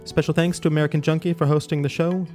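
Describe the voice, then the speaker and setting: A man hosting a podcast, reading a brisk, upbeat outro with credits. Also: on the high side, flat delivery, a little mellow. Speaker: podcast host. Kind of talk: scripted outro read. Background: light guitar music.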